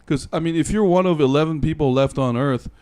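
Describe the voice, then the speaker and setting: A man co-hosting a casual review chat, excitable and rambling, teasing his co-host and swearing. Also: a little high, a little fast, clear, resonant tone. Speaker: podcast co-host and film reviewer.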